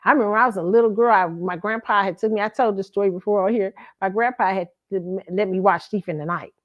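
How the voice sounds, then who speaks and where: A woman of middle pitch hosts a casual commentary stream. She rambles and corrects herself as she talks. Her voice is close to the mic and dry, with no room sound. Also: fast talker, no room sound, dull audio. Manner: rambling, self-correcting, chatty. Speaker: host.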